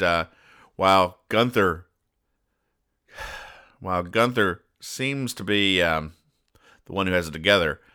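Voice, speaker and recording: A man's voice: fairly low pitch, pushed and bright, clean tone. A man hosting a podcast, casually explaining comic strips and briefly putting on voices for the characters. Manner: playful, puts on quick character voices. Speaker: podcast host.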